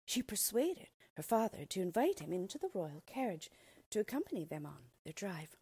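A woman reading a fairy tale aloud in an expressive storybook style. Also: medium pitch, normal speed, husky, no echo.

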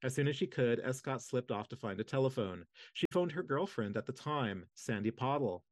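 A man reading nonfiction history aloud in a measured, steady narration. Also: mid-range voice, dry recording. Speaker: reader of a history book. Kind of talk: audiobook-style reading.

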